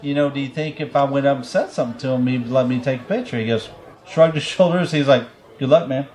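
Podcast host, man, casual rambling storyteller, swears freely, mid pitch. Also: fast, a little mellow. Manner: rambling, profane, laughs often.

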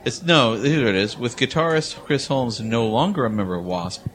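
A man's voice: mid-range voice, lively intonation, moderate pace, fairly bright tone. A man co-hosting a casual music chat, musing and joking as he reads and reacts. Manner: musing, chatty, jokey.

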